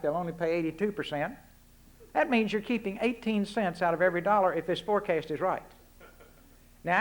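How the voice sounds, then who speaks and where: He's a man in his sixties from Texas, with a strong Texan accent and a notably high voice. Addressing a university lecture hall as a public speaker, he's folksy and punchy, leaning on plain, blunt rhetorical questions throughout.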